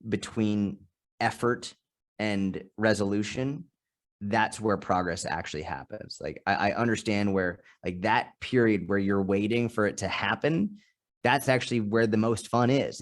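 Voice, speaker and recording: Man in his 30s, lowish voice, podcast guest, animated storyteller who acts out quotes. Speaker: podcast guest, strength and nutrition coach. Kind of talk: casual interview chat.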